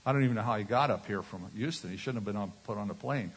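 A man's voice: fairly low pitch, very fast, a little hiss or hum. A man preaching a sermon from a stage, telling personal stories and acting out other people's voices. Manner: animated, acts out voices in anecdotes. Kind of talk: storytelling sermon. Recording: reverberant hall.

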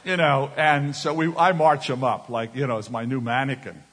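Recorded in an echoing hall, this preacher delivers his sermon from a stage at a moderate pace and medium pitch. He's animated, telling personal stories and performing the voices of the people in them.

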